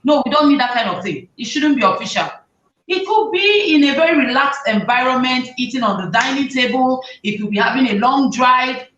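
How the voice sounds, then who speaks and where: A woman, hosting a talk show and giving lively advice to parents, often acting out what parents and children say. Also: high-pitched, a little fast. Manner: animated, acts out parents' and children's lines. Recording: roomy, distant, dull sound.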